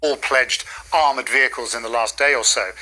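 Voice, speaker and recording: A male diplomatic correspondent giving a measured, explanatory broadcast news report. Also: mid-range voice, fairly even intonation, bright, forceful tone, poor audio.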